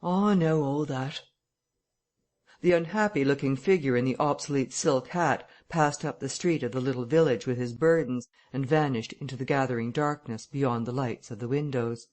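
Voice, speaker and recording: An audiobook narrator reading a classic novel in a steady, measured way. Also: medium pitch. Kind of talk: scripted narration.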